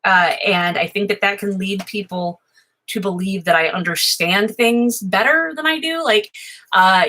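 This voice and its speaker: An American woman chatting at home in a rambling, self-interrupting way, admittedly high, swearing freely. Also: bright, forceful tone, rough recording. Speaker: vlogger. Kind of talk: rambling casual livestream chat. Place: home office.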